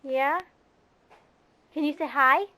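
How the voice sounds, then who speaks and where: A woman's voice: high-pitched, steady tone, slow pace, sharp tone, slight background noise. A mother talking to her toddler in a home video, coaxing him in a sing-song baby-talk way.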